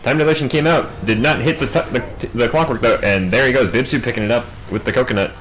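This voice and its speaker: A man doing solo play-by-play game commentary, racing through big fights and dropping wry asides in quiet moments. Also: medium pitch, a little hiss or hum, low-quality recording. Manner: quick, excitable calls in big plays, wry asides in lulls. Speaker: match commentator.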